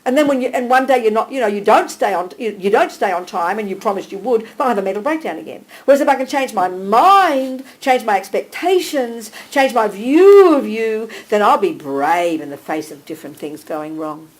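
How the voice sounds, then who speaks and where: A woman teaching a small group live, animated and direct, checking in with listeners by name and calling them darling. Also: a little high, normal speed, few pauses, rough recording. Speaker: Buddhist teacher.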